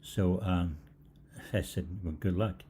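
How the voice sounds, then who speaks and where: An older man hosts a live question-and-answer stream, telling loose, meandering stories full of "uh" and restarts. His voice sits low and relaxed. A faint background hiss runs under the desk mic. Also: slow. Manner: rambling anecdotal, many fillers and restarts. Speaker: holistic health host. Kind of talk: live Q&A storytelling.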